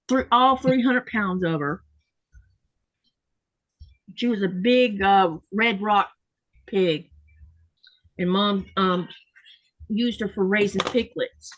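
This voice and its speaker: A woman's voice: mid-range voice, slow pace, pauses often, a bit bright. A woman hosting a sewing live stream, chatting casually and telling stories while reading viewer comments. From Florida. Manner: chatty storyteller, reads viewer comments aloud.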